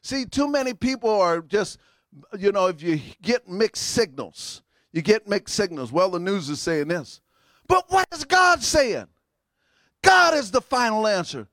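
A middle-aged man preaching with a high, ringing voice. He calls to the congregation for amens and punches certain words with sudden shouts. The sound is close and dry, with no room echo. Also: big pitch swings, unhurried. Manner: call-and-response preaching, sudden shouted emphasis. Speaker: pastor. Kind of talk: sermon.

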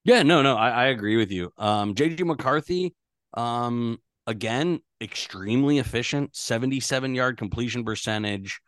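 Man, sports podcast co-host, lively delivery, dry sound, chatty, filler-heavy. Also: medium pitch, normal speed, dry recording. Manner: conversational, stats-heavy, many fillers. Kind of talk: casual sports podcast chat.

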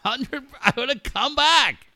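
A man's voice: very high-pitched, takes it slowly, bright, forceful tone, no room sound, clean studio sound. A man co-hosting a casual talk show, swearing a lot and mock-ranting sarcastically. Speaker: podcast co-host. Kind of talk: crude comedic banter.

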